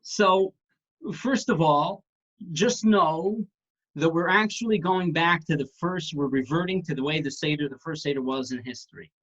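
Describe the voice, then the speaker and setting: A man's voice: fairly high pitch, moderate pace, a bit bright. A man casually teaching an online class, talking conversationally with restarts and the odd joke. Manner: conversational, tells jokes, restarts phrases. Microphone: video call. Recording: dull lo-fi video call audio.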